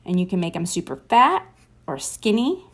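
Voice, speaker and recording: A woman's voice: fairly low pitch, sing-song, normal speed, breathy edge. A woman leading a casual drawing tutorial, chatting and encouraging as she sketches and thinks aloud. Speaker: drawing teacher.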